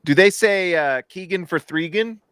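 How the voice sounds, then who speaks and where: A man in his thirties hosting a casual live stream, reacting to a basketball game with jokes and excited shouts. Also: sits high, moderate pace, noisy background. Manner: excitable, jokey, shouts at big plays. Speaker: host.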